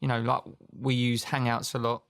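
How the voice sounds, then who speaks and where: A man's voice: medium pitch, moderate pace, gravelly. A British man co-hosting a podcast, chatting casually with lots of fillers. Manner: relaxed, filler-heavy. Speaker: podcast co-host. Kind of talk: casual chat.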